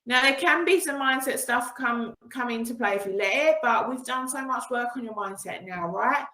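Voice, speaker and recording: A woman's voice: on the high side, expressive, normal speed, pushed and bright, echoey room, poor audio. A woman running an online coaching session over a video call, upbeat and encouraging, with frequent laughs. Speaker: business coach. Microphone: video call with screen sharing.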